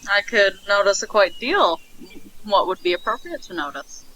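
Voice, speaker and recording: A player speaking in character at a tabletop game, polite and measured. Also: medium pitch, very animated, sharp tone, slight background noise, poor audio.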